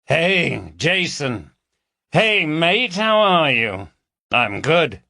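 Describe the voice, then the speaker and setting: A man's voice: a little high, big pitch swings, drawn-out words, vocal fry, sharp tone, no echo, voice pushed up, full character voice. A man voicing an easygoing, jokey detective of about thirty from London. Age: around 30.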